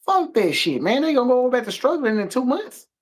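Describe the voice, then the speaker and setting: His voice very high-pitched and his delivery brisk, a male podcast co-host rants on a casual talk show. He's emphatic, animated, and profane throughout the heated exchange.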